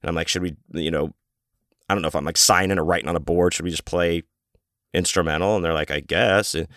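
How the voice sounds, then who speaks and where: Deep-voiced man rambling casually. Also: fairly even intonation, quick pace, a bit bright, no echo, clean studio sound. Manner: rambling, profane, self-interrupting. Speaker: podcast host and author. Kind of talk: casual storytelling monologue.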